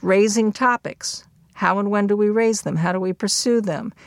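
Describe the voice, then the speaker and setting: An older woman explaining linguistics in a measured lecture, with occasional fillers. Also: mid-range voice, no room sound.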